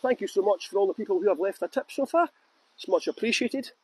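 Scottish man, middle-aged, high-pitched, chatty tour guide, laughs a lot, walking streets at night, phone mic. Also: expressive, fast, husky, no echo. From Scotland. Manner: chatty, laughs often, talks to viewers by name. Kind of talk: live-streamed walking tour commentary. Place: outdoors on town streets at night.

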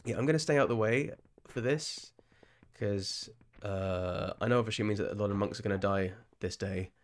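A man's voice: on the low side, normal speed. Chatty English man streaming a game. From England. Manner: rambling and chatty, often restarting phrases and laughing. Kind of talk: casual live-stream commentary.

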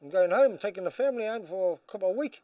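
A man, a boxing trainer and hunter, telling animated hunting stories in casual chat. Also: sits high, quick pace, no echo, far from the mic. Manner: animated, tells stories, swears. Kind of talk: casual storytelling.

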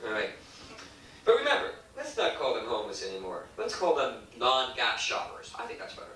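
A man with a mid-range voice emcees at a comedy club, his pitch swinging wildly and his tone sharp as he talks fairly quickly. The crude, self-deprecating set hops between bits, captured distantly in an echoey room with faint hiss.

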